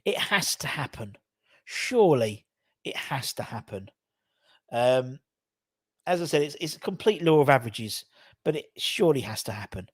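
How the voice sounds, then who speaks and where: A man hosting a live football fan show, chatting casually, animated and sweary, reading viewer comments aloud. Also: medium pitch, moderate pace, pauses often, husky, no room sound, clean studio sound. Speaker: fan channel host. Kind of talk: casual live matchday chat.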